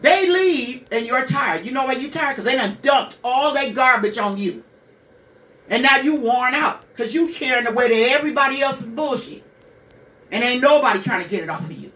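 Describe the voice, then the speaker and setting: A woman's voice: sits high, expressive, normal speed, a bit bright, echoey room, recorded from a distance. A woman in her sixties hosting a radio show, telling her own hard story bluntly, with curses and rhetorical questions. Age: 60s. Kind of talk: candid personal monologue.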